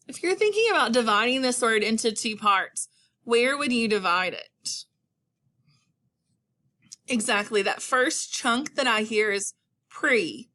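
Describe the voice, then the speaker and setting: A woman teaching a recorded phonics lesson to young children. Her voice sits a little high and sounds bright and sharp. She talks very slowly, stretching out each word so it can be copied. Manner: slow, clearly enunciated, encouraging teacher talk. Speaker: elementary school teacher.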